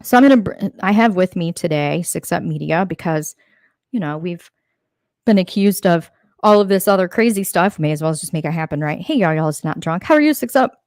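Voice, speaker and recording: A woman's voice: fairly low pitch, expressive, dry recording, clean studio sound. A woman hosting a casual livestream, greeting chat viewers one by one in a friendly, chatty way. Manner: friendly, chatty, rapid shout-outs. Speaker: livestream host.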